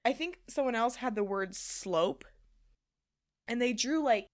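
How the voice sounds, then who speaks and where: A young woman co-hosting a podcast, telling a story in casual chat and acting out the quotes with loud, animated energy. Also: on the high side, unhurried. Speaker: podcast co-host.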